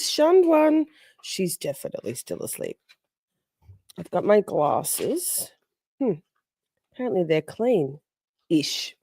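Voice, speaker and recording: A woman's voice: mid-range voice, warm tone, dry recording, studio quality. Bubbly Australian woman hosting a livestream. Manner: bubbly, swears freely, greets chatters by name. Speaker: livestream host. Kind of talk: casual live-stream chat with viewers.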